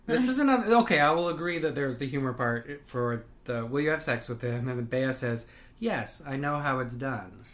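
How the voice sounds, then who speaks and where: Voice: mid-range voice, lively intonation, moderate pace, a bit bright. Hesitant, thoughtful podcast co-host. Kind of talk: casual chat recapping a TV show.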